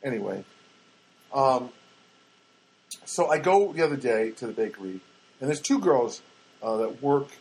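A man's voice: mid-range voice, big pitch swings, unhurried, long pauses, darkish tone, slightly rough, low-quality recording. A man hosting a podcast, telling rambling comic stories in a chatty, self-interrupting way full of asides. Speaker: podcast host. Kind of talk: rambling comic storytelling monologue.

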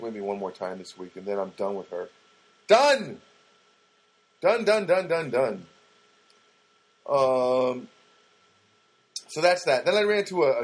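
A man's voice: lowish voice, low-quality recording. A man telling a rambling, casual story about his week, with frequent restarts.

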